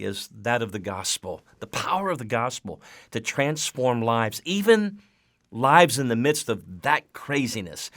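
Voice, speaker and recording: A man hosting a radio interview, asking measured, prompting questions. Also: medium pitch, gravelly, fairly bright tone, dry recording, clean studio sound. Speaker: radio host.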